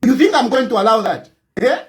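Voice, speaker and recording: Defiant Zambian man, high lively voice. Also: a little fast. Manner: defiant, repetitive, mocking, bursts of shouting. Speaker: politician. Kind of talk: combative political rant.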